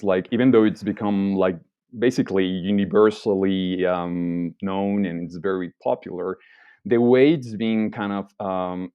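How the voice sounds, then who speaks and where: A man with a fairly low voice explains his ideas slowly, pausing often on fillers. The sound is dry and dull, like muffled remote call audio. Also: smooth, no room sound. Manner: hesitant, filler-heavy, thoughtful. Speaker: podcast guest, writer. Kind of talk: casual podcast interview.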